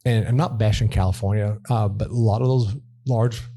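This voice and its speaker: Give me a chatty man with a dark, husky voice. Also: fairly low pitch, steady tone, fairly quick. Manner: chatty, repeats words, laughs easily. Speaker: podcast guest, winery worker. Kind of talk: casual storytelling chat.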